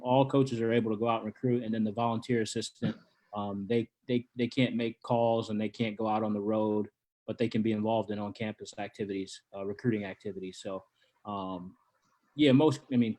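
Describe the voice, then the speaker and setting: A man with a lowish voice talks about recruiting in a casual interview. He is laid-back and searches for words, restarting phrases often as he goes. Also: darkish tone. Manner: laid-back, many ums and repeated starts. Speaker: college wrestling coach and recruiter.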